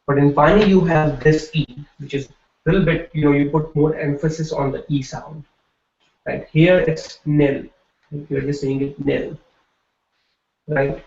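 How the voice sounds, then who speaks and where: A man's voice: on the high side, steady tone, normal speed, gravelly, darkish tone. A man teaching a classroom lecture, explaining patiently and often checking in with "right?". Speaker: Hindi teacher. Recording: echoey room, dull lo-fi sound.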